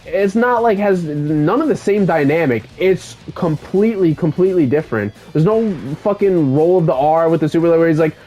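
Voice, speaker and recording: A young man giving casual gameplay commentary, excitable and swearing freely as an enthusiastic fan. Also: fairly high pitch, normal speed, hardly any pauses, faint music behind. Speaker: gaming YouTuber.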